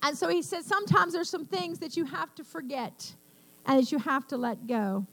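An older woman preaches a sermon with passion, telling stories and acting out the quoted lines over piano music. Her voice is high-pitched, a bit bright, and moderately paced.

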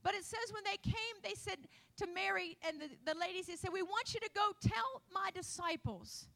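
A woman's voice: very high-pitched, moderate pace, creaky, bright, forceful tone. A woman preaching a sermon, retelling Bible stories and acting out the voices of the people in them.

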